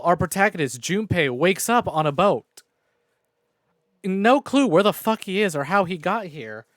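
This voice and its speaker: Brief: foul-mouthed, self-mocking male streamer, lively pitch, dry close mic. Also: no echo. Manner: profane, rambling and self-mocking. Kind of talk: casual game stream recap. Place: home room. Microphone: new desk microphone.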